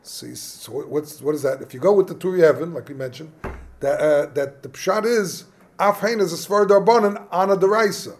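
High-voiced man teaching Talmud. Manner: animated, thinks aloud with quick restarts. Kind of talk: Talmud study class.

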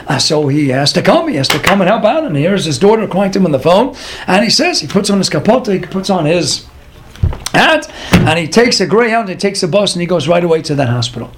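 A man with a high, light voice delivers a dramatic storytelling sermon. He talks in a lively way, peppering his speech with Hebrew and Yiddish words. There's a faint hiss of noise behind him. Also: brisk. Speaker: religious storyteller.

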